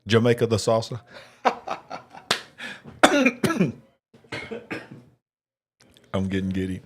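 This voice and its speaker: A man's voice: fairly low pitch, wildly swooping pitch, very slow, a bit bright, slight background noise. A man hosting a casual live election-night stream, chatting and eating while he reads viewer comments. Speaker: livestream host.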